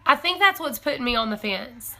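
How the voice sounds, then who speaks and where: A young woman hosting a homesteading live stream, chatting casually and excitably with viewers, thinking aloud and laughing often. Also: sits high, brisk. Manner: rambling, self-correcting, thinking aloud.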